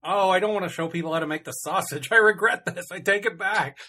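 Bright, husky-voiced man rambling wryly. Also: high-pitched, fast. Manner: rambling, self-interrupting, dry complaining humor. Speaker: podcast co-host. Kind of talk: casual comedic chat.

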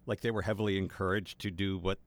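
A man's voice: low-pitched, fairly even intonation, quick pace. A man co-hosting a podcast, reviewing a cartoon in casual chat with exasperated, cynical rants. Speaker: podcast co-host.

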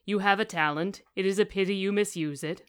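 A woman reading aloud the lines of a calm, rumbling male golem who speaks in a formal, literal, measured way. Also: smooth, no echo, clean studio sound, close to an everyday voice. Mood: calm, stern.

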